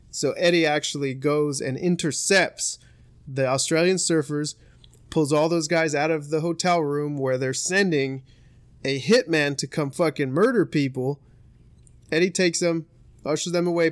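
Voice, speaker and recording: A man's voice: fairly high pitch, dry recording. A young man hosting a podcast, telling a story in casual, profane chat and laughing often. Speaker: podcast host.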